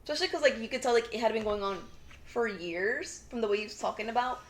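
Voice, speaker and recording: Chatty young woman, slightly high voice. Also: fast talker, slight background noise. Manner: rambling, animated retelling, constant "like" fillers. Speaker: podcast co-host. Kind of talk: casual chat recapping a TV drama.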